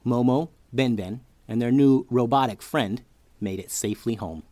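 A man's voice: mid-range voice, moderate pace, dark tone, no room sound. A man hosting a children's story podcast who narrates expressively, like a storyteller for kids.

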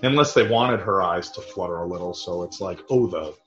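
Talking fairly quickly in a low voice over soft background music, this podcast co-host chats crudely about a movie. He laughs, stays animated, and acts out quotes, all in roomy, dull lo-fi audio.

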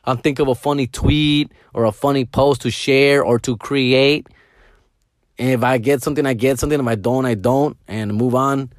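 A middle-aged man rambles through a casual monologue in an easy, mid-range voice. He talks slangy and animated, peppering lines with Spanish and sinking into low mumbles now and then. The recording is dry and close, with no room sound. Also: moderate pace, dry recording. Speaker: parent telling stories.

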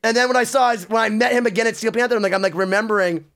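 A man telling an animated casual story and acting out the voices of the people in it. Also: high-pitched, very fast. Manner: animated, acts out quotes. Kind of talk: casual anecdote.

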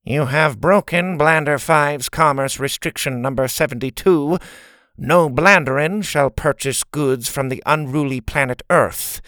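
A man's voice: fairly high pitch, measured pace, a bit bright, dry recording, studio quality, voice pushed up. A man voicing a cold, nasal alien school principal who lays down the rules. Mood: stern. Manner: cold, commanding. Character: stern, emotionless alien female principal.

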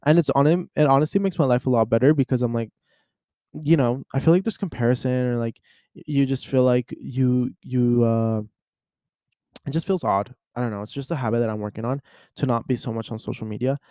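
Young male podcast host, casual storyteller, mid-pitched, dry close sound. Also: a little fast, dry recording. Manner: animated storyteller, acts out voices. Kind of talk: casual chat.

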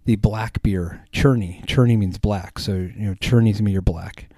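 Man, podcast host, casual rambling talk, fillers and restarts, low pitch, dry close sound. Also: steady tone, moderate pace, warm tone, no room sound. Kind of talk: casual chat.

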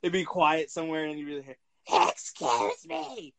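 A man's voice: on the high side, quick pace, background noise. A man co-hosting a wrestling podcast in casual chat, swearing freely and laughing through his stories. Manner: profane, laughing, animated storyteller. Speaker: podcast co-host.

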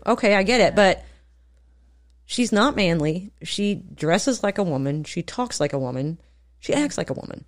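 A woman's voice: medium pitch, lively intonation, normal speed. A woman co-hosting a casual chat, blunt and profane, often laughing. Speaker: podcast co-host.

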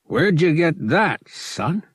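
A man voicing a small, sharp-faced male dealer who talks in a wary, nervous, hushed way. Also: on the high side, sing-song, takes it slowly, husky, dry recording, studio quality, pitched above the performer's own voice, heavily acted.

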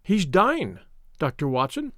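A worried housekeeper in her later years, speaking in a raised, urgent voice that rises higher as she pleads, as a man puts her on. Her talk is earnest, respectful and fretful. The sound is dry and close to the mic. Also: wildly swooping pitch, unhurried, bright, forceful tone, dry recording, exaggerated voice. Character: anxious devoted older female housekeeper.

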